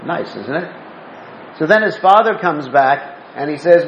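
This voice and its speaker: A man's voice: fairly high pitch, lively intonation, unhurried, a bit bright, slight background noise. Man, devotional talk, asks the room questions, muffled lo-fi, faint ambience. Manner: asks the listeners questions, storytelling. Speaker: spiritual teacher. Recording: roomy dull lo-fi recording with faint ambience.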